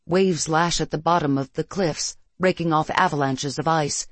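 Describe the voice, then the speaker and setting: In a steady, measured manner, a narrator reads a first-person science-fiction story. The pitch sits in the middle range, and there is no room sound.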